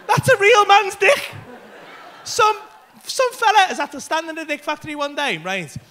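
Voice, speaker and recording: A man in his thirties performing a stand-up comedy set on a club stage, telling a brash, sweary story with bursts of shouting into a handheld mic. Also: very high-pitched.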